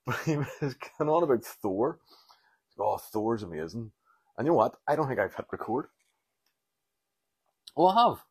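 A man's voice: fairly low pitch, dry recording. A Northern Irish man in his thirties hosting a rambling solo podcast, telling irreverent, sweary stories and acting out quotes. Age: 30s. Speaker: podcast host.

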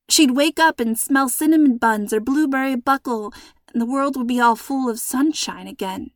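A woman's voice: high voice, no echo, clean studio sound. Woman narrating a suspenseful storybook. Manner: measured, suspenseful reading.

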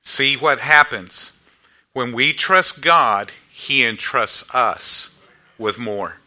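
A man preaching to his congregation as pastor, speaking in a slow, deliberate way. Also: medium pitch, bright, forceful tone. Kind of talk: sermon.

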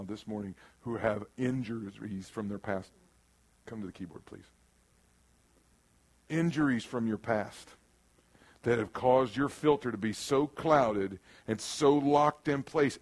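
A man preaching a sermon in a church room, who moves from loud bursts to quiet, earnest passages and acts out the voices he quotes. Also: mid-range voice, moderate pace. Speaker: pastor.

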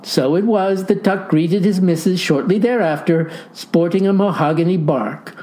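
A man's voice: high voice, moderate pace, mellow. Male narrator, dry comic storyteller, folksy old-time diction.

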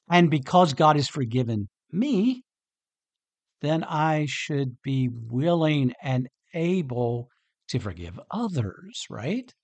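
A man hosts a casual Bible talk podcast with a husky, slightly raised voice. His pitch rises and falls a lot as he reads and chats. He often restarts his sentences in an animated, easygoing way. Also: slow. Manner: chatty, animated, frequent restarts. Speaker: podcast host.

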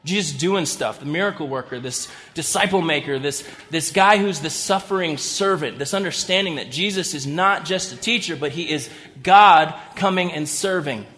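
A man's voice: a little high, normal speed, sharp tone. A man preaching a sermon as pastor, in a conversational style with humorous asides. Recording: long reverb of a large hall.

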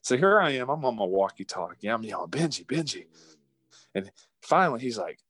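A man from West Virginia, telling a hunting story in an animated, folksy way with frequent laughs. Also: mid-range voice, brisk, husky. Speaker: guest. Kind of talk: casual storytelling.

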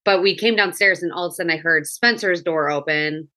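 A woman's voice: fairly low pitch, a little fast, bright, forceful tone. A woman in her thirties hosting a podcast, chatting casually about motherhood and often breaking off and restarting sentences. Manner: chatty, frequent restarts and laughs. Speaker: podcast host. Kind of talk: casual chat.

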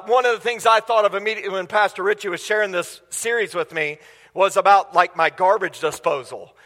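A man's voice: sits high, bright, forceful tone. A man preaching a sermon as a guest speaker in a church, enthusiastic and conversational, often asking the congregation questions. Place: church sanctuary. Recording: long church hall reverb.

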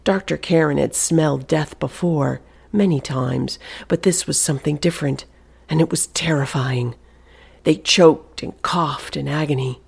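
A narrator reading a suspenseful novel aloud, in a hushed delivery that often drops to a whisper. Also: medium pitch, unhurried, vocal fry, husky. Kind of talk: audiobook narration.

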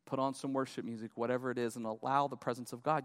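A man's voice: mid-range voice, fast talker, few pauses. Preaching man in a reverberant church hall. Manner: animated preaching, swings between loud urgent and hushed. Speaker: pastor. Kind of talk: sermon. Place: church auditorium.

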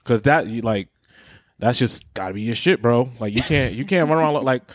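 A man's voice: mid-range voice, expressive, brisk, no echo, studio quality. A man co-hosting a podcast in casual, profane banter, joking and laughing often. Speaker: podcast co-host.

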